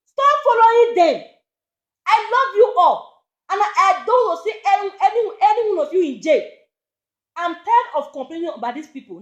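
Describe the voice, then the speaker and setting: A woman's voice: extremely high pitch, echoey room, highs cut off. A Nigerian woman, a social media presenter talking to camera, pleading and scolding again and again.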